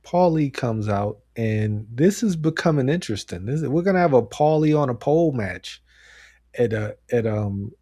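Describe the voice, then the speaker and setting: Mellow-voiced man chatting about wrestling. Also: mid-range voice, moderate pace, husky, no room sound, clean studio sound. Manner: animated, rambling, laughs often. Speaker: podcast co-host. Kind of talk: casual wrestling chat.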